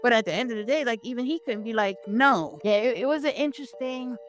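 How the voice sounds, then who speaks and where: A woman's voice: fairly high pitch, quick pace, faint music behind. A young woman in casual chat, bluntly exasperated with the characters and swearing freely. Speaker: movie podcast co-host. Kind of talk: casual movie discussion.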